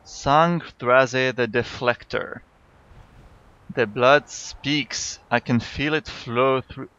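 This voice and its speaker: A man's voice: medium pitch, steady tone, very slow, bright, forceful tone, dull audio. A man voicing a scheming, boastful male troll blood-mage with a put-on troll accent and an emphatic lilt. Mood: intoning.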